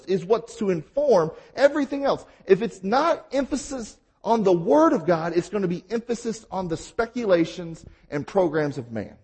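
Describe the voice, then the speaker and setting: Guy preaching a sermon, pretty high voice that jumps around a lot, lots of questions to the crowd. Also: dark tone, breathy edge. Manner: emphatic, rhetorical questions, varied delivery. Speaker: pastor.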